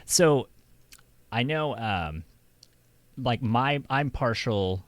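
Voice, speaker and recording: A man's voice: on the low side, animated, slow pace, dry recording. A man from Oklahoma hosting a stream, chatting casually with many fillers and laughs. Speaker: streamer host. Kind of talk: casual chat.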